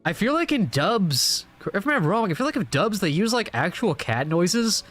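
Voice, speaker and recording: A man casually reacting to a comic he is reading aloud, rambling and animated, with many fillers. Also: high-pitched, normal speed, soft background music. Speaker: reaction channel host.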